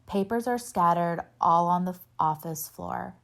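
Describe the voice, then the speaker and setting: A woman reading a novel aloud in steady first-person narration, lightly voicing the dialogue. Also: lowish voice, measured pace, creaky. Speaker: reader.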